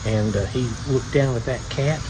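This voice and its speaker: A man telling stories in an unhurried, folksy way by an outdoor fire, pausing often with "uh". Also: medium pitch, noisy background. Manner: unhurried, folksy, lots of "uh" pauses. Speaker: video blogger. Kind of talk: relaxed storytelling by a campfire. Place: outdoors beside a fire at night.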